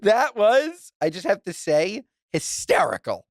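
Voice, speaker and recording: Guy cohosting a podcast, laughs a lot, swears, super bouncy pitch. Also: unhurried, no echo, studio quality. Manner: animated, laughing often, crude joking; reads a listener letter aloud. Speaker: podcast co-host. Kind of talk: casual chat.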